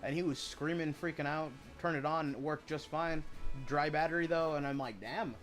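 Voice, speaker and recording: A man's voice: a little high, fairly even intonation, normal speed, a bit bright, faint music behind. A man chatting casually while he streams a video game, rambling and swearing as he retells stories.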